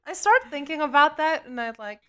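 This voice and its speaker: A woman co-hosts a chatty podcast in a fairly high voice that leaps all over the place. She is excitable and exclamatory, and she swears without a second thought. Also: fairly quick. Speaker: podcast co-host. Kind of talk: casual chat.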